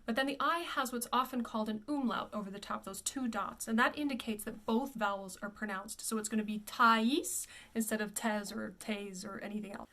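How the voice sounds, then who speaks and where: A voice coach modeling words slowly. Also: female voice, on the high side, fairly bright tone. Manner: models each word slowly and repeats it. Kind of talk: pronunciation lesson.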